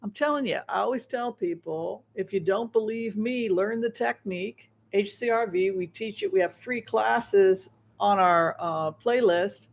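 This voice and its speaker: This man hosts a psychic-reading and tarot livestream, wandering through his thoughts with lots of restarts and hammering points home. His creaky voice sits high, delivered at a measured pace with hardly any pauses.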